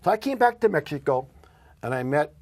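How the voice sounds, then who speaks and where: A man telling a story in an interview, acting out the dialogue with lively swings in his voice. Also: on the high side, a little fast, no echo. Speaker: guest, company executive.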